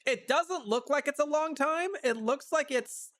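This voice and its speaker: A male streamer giving chatty, animated commentary on a game, with sudden outbursts. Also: very high voice, unhurried. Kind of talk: casual let's-play commentary.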